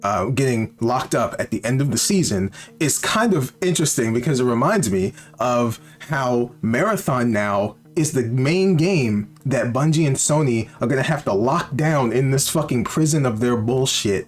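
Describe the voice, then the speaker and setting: A man giving casual gaming commentary, animated and profane, often repeating rhetorical questions. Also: medium pitch, moderate pace, hardly any pauses. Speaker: gaming YouTuber.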